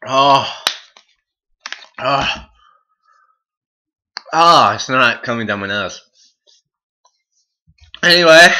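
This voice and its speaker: A man's voice: expressive, very slow, pauses often, bright, forceful tone. A young man vlogging a hot sauce challenge, swearing, groaning and laughing while in pain and teary. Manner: muttering low asides. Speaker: YouTuber. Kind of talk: casual vlog.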